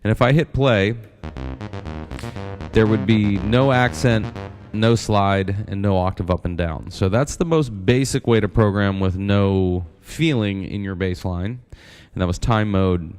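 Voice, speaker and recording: A man's voice: on the low side, measured pace, a little mellow, clean tone, faint music behind. A man giving a casual synth tutorial, counting steps aloud and often asking "right?". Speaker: synth instructor.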